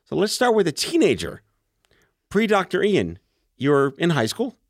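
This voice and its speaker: A man's voice: a little high, wildly swooping pitch, normal speed, no room sound, studio quality. A man in his forties hosting a podcast, asking questions in a joking, playful way. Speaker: podcast host. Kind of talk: casual interview chat.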